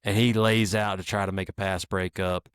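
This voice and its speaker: Chill guy on a podcast, kinda low voice, says like a lot, dry mic. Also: little pitch movement, moderate pace, smooth, no room sound. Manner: laid-back storyteller, leans on "like". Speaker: podcast co-host. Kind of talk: casual chat.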